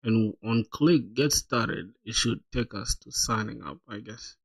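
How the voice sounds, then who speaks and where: Gravelly man thinking aloud while coding. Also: lowish voice, a little slow. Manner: thinks aloud, laughs often, says "bro" a lot. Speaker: streamer coding live. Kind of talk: casual live-coding stream chat.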